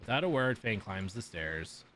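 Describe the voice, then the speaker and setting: A man's voice: on the low side, very animated, moderate pace, bright, forceful tone. A man streaming himself reading a visual novel aloud in a casual way, with swearing and offhand asides.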